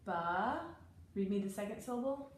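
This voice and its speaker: Brisk woman tutor in an echoey room. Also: medium pitch, lively intonation. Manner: brisk, corrective teacher prompting a child. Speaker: reading tutor. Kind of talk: one-on-one reading lesson. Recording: echoey room with faint noise.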